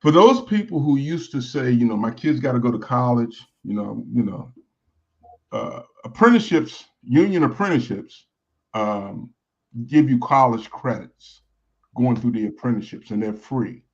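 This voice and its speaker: Halting man, dull lo-fi sound. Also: medium pitch, animated, a little mellow. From Baltimore. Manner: halting, repeats words as he starts. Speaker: guest, consultant and lobbyist. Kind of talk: talk show interview.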